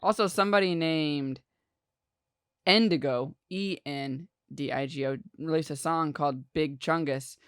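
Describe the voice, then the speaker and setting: A man's voice: on the high side, unhurried, a bit bright, smooth, dry recording. A man co-hosting a podcast, teasing dryly in casual chat on a close mic. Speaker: podcast co-host.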